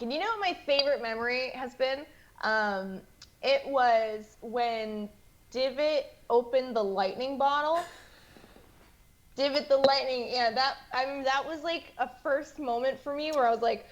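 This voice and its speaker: A woman in the cast of a tabletop game stream chats casually about the show. Her voice sits high, and she keeps dissolving into giggles. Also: a little slow. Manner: giggly, breaks into laughter. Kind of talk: casual chat on a livestream.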